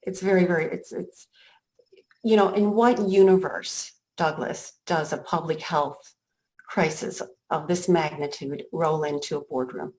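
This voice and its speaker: A middle-aged woman leading a school board meeting, speaking in an emotional, halting way with many restarts. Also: sits low, fairly even intonation, darkish tone, poor audio. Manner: emotional, halting, near tears.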